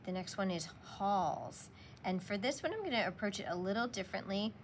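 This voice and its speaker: A woman teacher giving a slow, patient spelling lesson, sounding out words for young students. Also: mid-range voice, animated, slight background noise.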